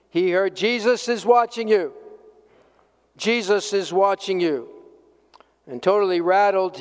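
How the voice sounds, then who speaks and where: A man's voice: sits high, smooth. A male pastor giving an earnest sermon, telling a story and asking rhetorical questions. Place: church sanctuary. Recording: long reverb of a church hall.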